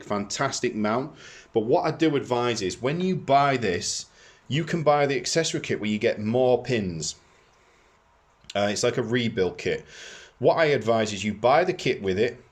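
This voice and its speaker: Man, lowish voice, practical walkthrough, plain-spoken, casual. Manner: plain-spoken and practical, with fillers and self-corrections. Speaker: motorcycle vlogger.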